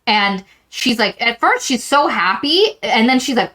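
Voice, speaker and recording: Animated woman recapping a novel. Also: fairly high pitch, normal speed, hardly any pauses, rough recording. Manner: animated, rambling plot recap with acted-out quotes. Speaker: book podcast co-host. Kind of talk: casual book discussion.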